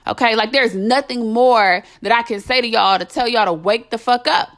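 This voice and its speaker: A woman's voice: a little high, moderate pace, a bit bright. A young adult woman hosting a podcast, delivering a blunt, impassioned monologue full of swearing and emphatic repetition. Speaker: podcast host.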